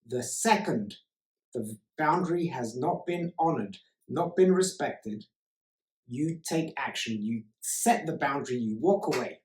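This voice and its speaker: A man's voice: mid-range voice, animated, unhurried. A man speaking as a life coach in a motivational self-help talk, emphatic and repeating key words for stress. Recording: roomy echo.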